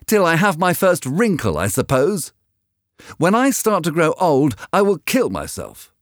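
An anxious, vain young man, voiced by a man, pleads in an overwrought, high voice. It is a storybook part, with a dry, close sound and big swings of pitch. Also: very animated, measured pace, a little mellow, dry recording. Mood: anguished.

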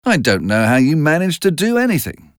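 A man's voice: on the high side, sing-song, brisk, dry recording, studio quality, pitched above the performer's own voice. A man reading aloud, voicing an arrogant, brutish rich husband who speaks bluntly. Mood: smug. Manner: blunt, forceful.

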